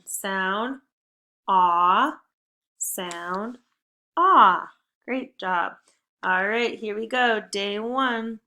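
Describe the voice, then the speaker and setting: A young woman teacher leading a phonics lesson for young children, upbeat and encouraging, with clear drilled prompts. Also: mid-range voice, pushed and bright.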